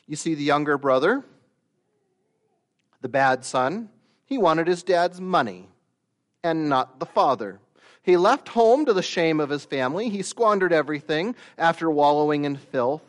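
A man preaching a sermon, slow and deliberate, rising to loud emphatic peaks and dropping to quiet asides. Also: fairly high pitch, lively intonation. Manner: slow, deliberate delivery with long pauses.

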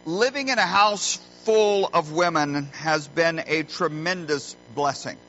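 Middle-aged man, pastor, sermon, folksy earnest storytelling, forceful voice, muffled lo-fi recording, faint hum. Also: a little high, a little slow. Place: church sanctuary.

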